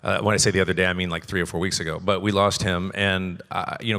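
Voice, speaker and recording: A man's voice: low voice, sharp tone, in a large hall. A man who voice-acts, rambling animatedly through stories on a convention panel stage. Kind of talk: casual panel talk.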